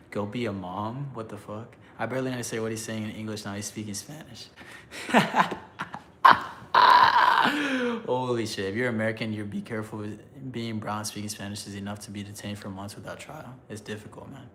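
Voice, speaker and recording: A man's voice: on the low side, fairly even intonation, slight background noise. A man casually chatting on a live stream, reading chat aloud, loose and joking, laughing often. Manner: halting when he switches languages.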